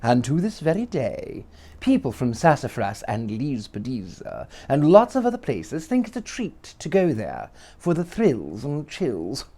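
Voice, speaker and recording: A man reading a children's story aloud with dramatic, lively delivery. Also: mid-range voice, a little slow.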